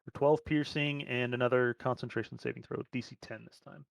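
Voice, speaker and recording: A man's voice: medium pitch, fairly even intonation, brisk, gravelly, no echo, studio quality. A man running a tabletop game as game master, making plain rules calls with a few fillers.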